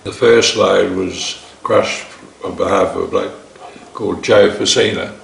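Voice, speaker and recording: A man's voice: deep voice, fairly even intonation, measured pace, vocal fry, a bit bright. An older man with an Australian accent, telling earthy, drily humorous stories about his winemaking years. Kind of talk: anecdotal storytelling. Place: large home kitchen. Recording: roomy kitchen echo, faint hiss.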